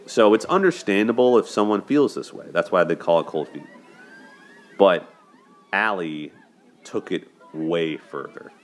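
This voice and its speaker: Deep-voiced man breaking down a movie. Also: expressive, measured pace. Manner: chatty, asks "right?" often, laughs a lot. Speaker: host of a dating and movie commentary show. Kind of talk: casual spoken movie breakdown.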